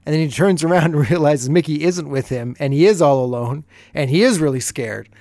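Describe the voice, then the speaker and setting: A man's voice: fairly high pitch, fairly quick, a little mellow, no echo. Chuckling man recapping an episode. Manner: amused, chuckling as he retells scenes. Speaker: podcast host recapping an episode. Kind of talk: casual recap chat.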